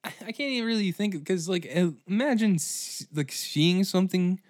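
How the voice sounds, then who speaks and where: A man hosting a comedy history podcast, ranting in a profane, animated way. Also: high voice, normal speed, no room sound, studio quality. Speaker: podcast host.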